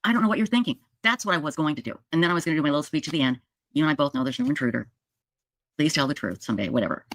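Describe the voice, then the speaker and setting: A woman's voice: low-pitched, expressive, rapid-fire, dry recording, studio quality. A middle-aged woman telling a story in a monologue, acting out the quoted dialogue with lots of animation. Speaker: true crime podcaster.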